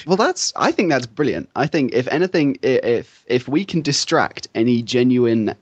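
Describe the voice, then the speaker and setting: A man's voice: medium pitch, very animated, muffled recording, a little hiss or hum. A man co-hosting a podcast, chatting casually and teasing his co-host with puns. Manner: playful, teasing, quick to laugh.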